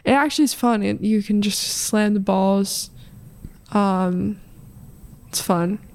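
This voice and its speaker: A woman's voice: medium pitch, slow pace, a little mellow. A teenage girl co-hosting a podcast in casual chat, saying "like" a lot and laughing easily. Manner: chatty, says "like" often, laughs easily.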